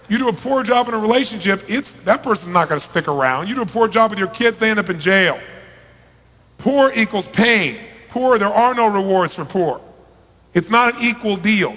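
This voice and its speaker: Pitched fairly high for a man, a middle-aged motivational speaker gives a live seminar talk to a big crowd. He fires rhetorical questions at them, alternating loud pushes with quiet stretches, and his voice echoes through a large, reverberant event hall.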